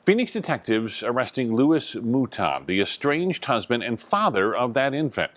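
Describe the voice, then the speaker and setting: A man anchoring a news program in a formal, measured delivery. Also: mid-range voice, very animated, fairly bright tone.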